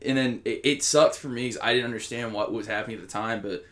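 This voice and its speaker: A man's voice: medium pitch, fairly even intonation, quick pace, fairly bright tone. A young man co-hosting a podcast, telling stories from his teens in a rambling, profane, self-mocking way. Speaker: podcast co-host. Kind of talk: casual chat.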